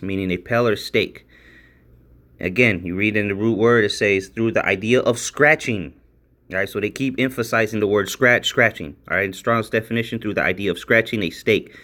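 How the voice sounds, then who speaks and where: A man giving a casual, rambling Bible study commentary, repeating himself, often checking in with "all right?", and growing emphatic as he reads out word definitions. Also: lowish voice. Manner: grows emphatic and excited while reading out definitions. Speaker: religious video commentator.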